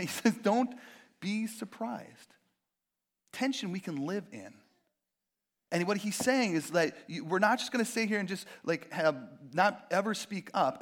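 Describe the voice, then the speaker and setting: A man's voice: on the high side, fairly bright tone. A young man preaching a sermon in a casual, conversational way, full of fillers and acted-out quotes. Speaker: pastor.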